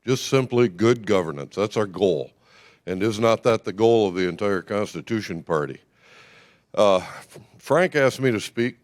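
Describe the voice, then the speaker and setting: A man giving an informal, brisk and folksy talk at a party convention, full of fillers, speaking without a microphone. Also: lowish voice, expressive, no room sound, clean studio sound.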